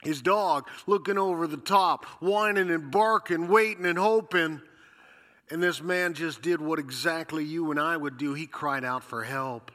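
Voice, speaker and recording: Pastor guy preaching, getting over a cold, bright high-ish voice, long churchy echo. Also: measured pace. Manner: conversational, storytelling with rhetorical questions. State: recovering from a cold. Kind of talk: sermon.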